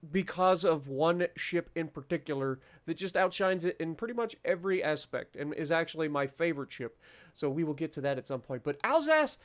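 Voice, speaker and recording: A man's voice: high voice, fairly bright tone. A man hosting his own gaming channel, ranking ships in a casual, chatty commentary full of fillers and restarts, joking at his own expense. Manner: chatty, self-deprecating, many fillers and restarts.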